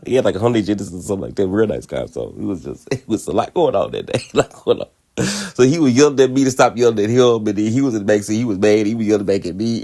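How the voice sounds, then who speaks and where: A man's voice: fairly low pitch, darkish tone. A man hosting a podcast, telling a personal story in a candid, profane way and laughing often. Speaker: podcast host.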